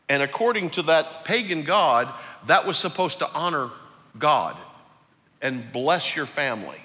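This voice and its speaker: A man preaching a sermon as pastor, emphatic, swinging between loud peaks and quiet low lines. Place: large church hall. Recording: long hall reverb.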